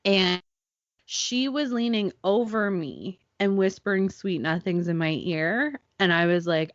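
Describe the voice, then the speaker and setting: A woman's voice: mid-range voice, unhurried, no echo, highs cut off. A woman in her thirties hosting a podcast, telling a story casually and acting out the people in it. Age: 30s. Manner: animated storytelling, acts out quoted people. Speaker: podcast host. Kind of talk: casual chat.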